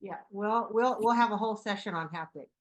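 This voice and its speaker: A woman moderating an online session on a video call, passing on questions in a brisk, chatty way. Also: medium pitch. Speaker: session host.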